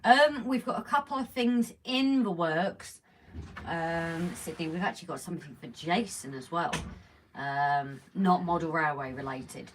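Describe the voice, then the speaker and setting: A woman's voice: lowish voice, unhurried. A woman chatting playfully on a casual live stream. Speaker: livestream co-host. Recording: voice from a distance, faint noise.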